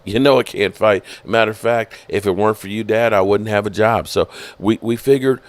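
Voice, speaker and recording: A man doing an impression of a middle-aged football team executive, talking in a low, subdued voice with halting delivery and many uh fillers. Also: no room sound, natural voice. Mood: sheepish.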